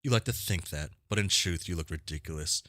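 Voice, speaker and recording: A man with a low voice reads a webcomic aloud for his viewers, breaking off into rambling, self-mocking asides. He trips over names and shrugs it off. The sound is close and dry. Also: fairly quick, a bit bright, no room sound. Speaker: streamer reading a webcomic aloud. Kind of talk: casual read-along with commentary.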